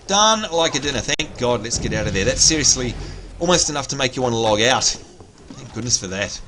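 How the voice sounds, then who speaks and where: A man's voice: on the high side, background noise. A man chatting casually through a live gameplay stream, talking to his viewers and grumbling at bugs. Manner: chatty, exasperated at bugs, talks to chat. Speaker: game livestreamer.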